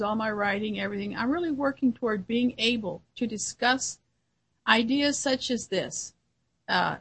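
A woman's voice: a little high, fairly bright tone, husky, poor audio. A woman who hosts a radio show, giving an earnest solo commentary in a musing way, often restarting her sentences.

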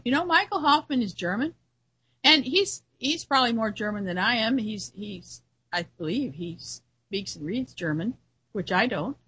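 A woman's voice: on the high side, lively intonation, normal speed, bright, forceful tone, slightly rough, rough recording. A woman who hosts a radio show, giving an earnest solo commentary in a musing way, often restarting her sentences.

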